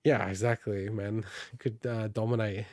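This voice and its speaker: A man's voice: on the low side, little pitch movement, measured pace, a little mellow, no room sound, clean studio sound. A man co-hosting a casual gaming podcast, laughing often and rambling with restarts. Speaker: podcast co-host. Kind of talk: casual chat.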